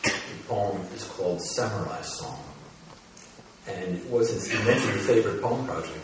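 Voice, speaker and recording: A man in his seventies from the United States gives a public talk and reads his poems, talking in an easy way with many "uh" pauses and slowing to a measured pace for the verse. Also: low voice, noisy background. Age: 70s. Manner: conversational with frequent "uh" pauses, slow and measured when reading poems. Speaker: poet giving a reading. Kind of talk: public talk and poetry reading. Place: large hall with an audience. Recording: very echoey hall, voice from far off.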